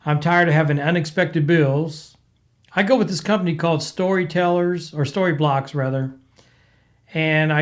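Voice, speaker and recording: A man hosting his own podcast, casually rambling and venting, his voice clogged and cracked from being sick. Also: on the high side. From American Midwest. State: congested, recovering from illness. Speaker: podcast host. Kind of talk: casual solo podcast chat.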